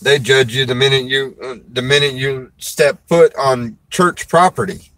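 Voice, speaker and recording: A man's voice: mid-range voice, measured pace, a bit bright, no room sound, low-quality recording. A man, a preacher and show host, chatting casually in a folksy, rambling way and laughing often. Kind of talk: casual chat.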